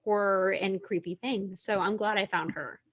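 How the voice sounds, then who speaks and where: A young adult woman talking as a guest author in a casual interview, chatty and animated, often laughing. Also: medium pitch, normal speed, breathy edge, dull audio.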